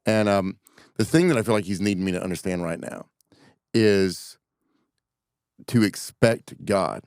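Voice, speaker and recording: Earnest low-voiced man sharing faith. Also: unhurried, a little mellow, clear, resonant tone, dry recording, clean studio sound. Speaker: podcast co-host. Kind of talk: casual faith talk.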